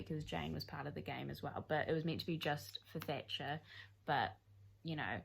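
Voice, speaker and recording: A young woman in her twenties talks through a book in a relaxed vlog, her voice sitting a little low. She rambles from one thought to the next with self-deprecating asides. A faint hiss sits under her voice. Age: 20s. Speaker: book vlogger. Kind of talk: casual reading vlog chat.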